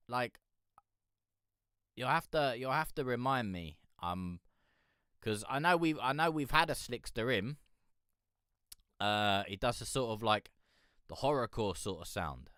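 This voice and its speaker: A man's voice: mid-range voice, fairly bright tone, smooth, no echo, studio quality. A man hosting a live music review stream, chatting casually with a rambling, swearing, easily amused manner as he answers viewers.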